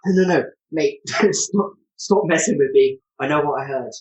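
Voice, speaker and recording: A man's voice: fairly high pitch, steady tone, moderate pace, natural voice. Man playing a hurt, stubborn village man, pushy and insistent, in a distant, echoey game call. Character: wounded stubborn male villager. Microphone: video call.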